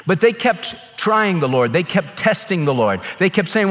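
A man's voice: a little high, very animated, unhurried, hardly any pauses, fairly bright tone. A man preaching a sermon as a pastor, earnest and emphatic, acting out quotes in voices. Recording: long reverb of a large hall.

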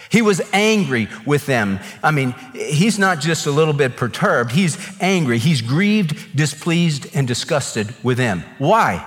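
A man's voice: a little high, lively intonation, unhurried, hardly any pauses, fairly bright tone. A man preaching a sermon as a pastor, earnest and emphatic, acting out quotes in voices. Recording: long reverb of a large hall.

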